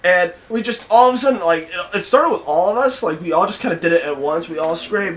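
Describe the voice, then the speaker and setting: A young man hosting a podcast, telling a story in casual chat, swearing freely and shouting out the quoted lines. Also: high-pitched, animated, a little fast, few pauses. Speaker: podcast host.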